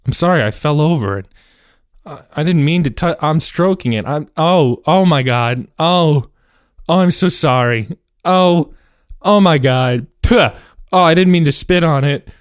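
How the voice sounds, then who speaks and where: A man's voice: fairly high pitch, unhurried, clear, resonant tone, dry recording, studio quality, natural voice. Man putting on a flustered homemaker woman. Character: bashful, fussing homemaker woman in a spoof erotica skit.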